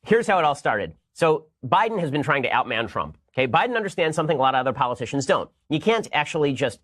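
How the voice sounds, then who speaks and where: A male host giving sarcastic news commentary, fast and mocking, breaking into bursts of laughter. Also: fairly high pitch, very animated, fairly bright tone.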